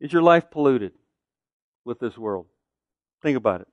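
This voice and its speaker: A man's voice: mid-range voice, animated, normal speed, dry recording, muffled recording. A middle-aged man preaching a sermon as pastor, earnest and conversational, asking the listeners pointed rhetorical questions.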